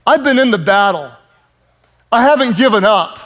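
High-pitched guy preaching a sermon, gets loud and punchy, has the crowd repeat after him. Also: sing-song, normal speed. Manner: emphatic, call-and-response preaching with shouted peaks. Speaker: pastor.

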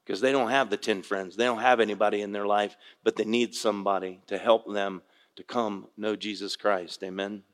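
An older man preaching a sermon, a pastor telling a fishing story with folksy, animated delivery and acting out the voices of the people in it. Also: on the low side, normal speed, big-room sound. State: tearful at moments.

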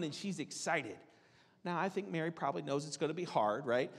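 A man preaching a sermon in a conversational, animated way, acting out the voices of people in the story. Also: fairly high pitch, fairly quick. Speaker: pastor. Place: church hall. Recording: reverberant hall.

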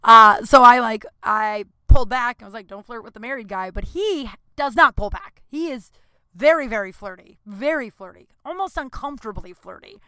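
A woman's voice: on the high side, moderate pace, few pauses, bright, forceful tone, smooth, no echo, clean studio sound. A young adult woman comedian telling a rambling, chatty story with self-deprecating asides. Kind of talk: comic storytelling.

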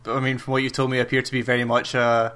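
A man's voice: medium pitch, monotone, fast, a bit bright. A young man in casual chat who asks his co-host questions and makes wry remarks. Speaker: podcast co-host.

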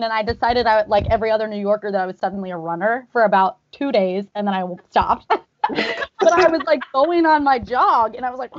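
A woman from Arizona chats and tells animated stories, breaking into laughter as she goes. Her voice sits a little high and sounds dry and close, with a slightly dull, lo-fi tone. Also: no room sound. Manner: animated storyteller, laughs often. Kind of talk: casual chat. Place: rooftop, outdoors.

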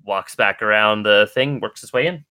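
A man narrating a tabletop game as game master, relaxed and descriptive with frequent ums. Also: lowish voice, moderate pace, clear, resonant tone, no room sound.

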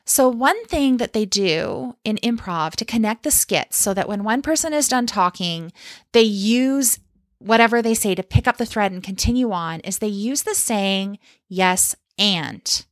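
A woman's voice: mid-range voice, expressive, a little slow, dry recording, clean studio sound. A woman life coach talking straight to listeners on her solo podcast, direct and encouraging, often checking in with "okay?" and "right?". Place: lives in Canada.

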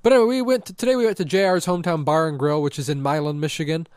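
Deadpan man with a fairly high voice. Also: rapid-fire, clear, resonant tone, no room sound. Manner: dry, deadpan joking. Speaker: podcast co-host. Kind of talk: casual chat. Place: lives in Michigan.

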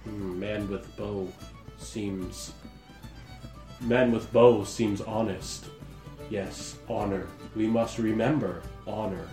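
Gruff hobgoblins grumble in low, slow, broken speech, as a man puts them on. They sound stern and honor-bound. A roomy echo carries faint music behind. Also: fairly even intonation, dark tone.

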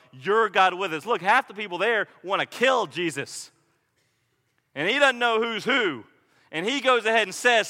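A middle-aged man preaching a sermon with animated storytelling, his voice high and bright. The sound carries a long reverb from a church hall. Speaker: pastor.

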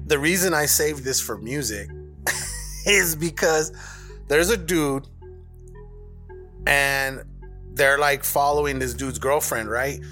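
A man's voice: mid-range voice, slow, long pauses, pushed and bright, faint music behind. A man co-hosting a podcast in loose, profane casual chat, laughing often. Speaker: podcast co-host.

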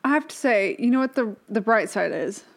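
A woman's voice: on the high side, expressive, a little fast. An American woman co-hosting a podcast in casual chat, teasing her co-host with mock outrage and swearing.

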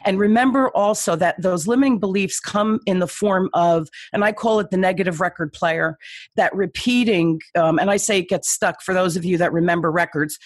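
Husky motivational woman coach. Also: on the low side, brisk, no room sound. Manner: motivational, affirming, repeats key phrases. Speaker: business coach, host. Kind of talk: encouraging podcast talk.

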